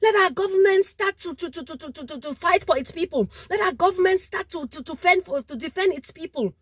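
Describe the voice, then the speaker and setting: Impassioned high-voiced woman. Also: a little fast, no room sound, clean studio sound. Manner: emphatic, repeats phrases, stumbles over words. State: sweating in the heat. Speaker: vlogger. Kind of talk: impassioned direct-to-camera appeal.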